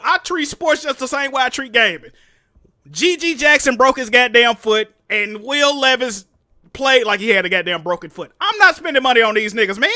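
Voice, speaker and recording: A man's voice: very high voice, pushed and bright, no room sound, clean studio sound. A young man hosting a casual livestream, reading donations and talking with slang, swearing and laughter. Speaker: livestream host.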